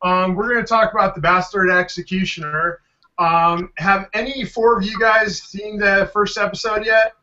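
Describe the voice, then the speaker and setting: A man hosts a loose podcast chat and rambles through his points with plenty of filler words. His voice sits high and sounds very bright and forward. The recording is dull and lo-fi. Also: fairly even intonation, normal speed, slight background noise. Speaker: podcast host. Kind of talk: casual panel chat.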